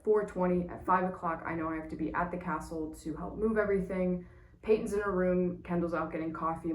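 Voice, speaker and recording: A woman who works in stage management, telling a casual personal story in a lively way, with small laughs and quick restarts. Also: lowish voice, a little hiss or hum. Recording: roomy echo, distant from mic.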